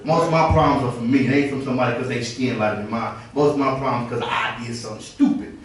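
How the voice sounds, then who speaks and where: A man preaching a sermon, telling lively stories and drawing responses from the congregation. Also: medium pitch, fast, a little hiss or hum. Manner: animated storytelling with call and response. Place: church sanctuary. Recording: distant echoey church recording.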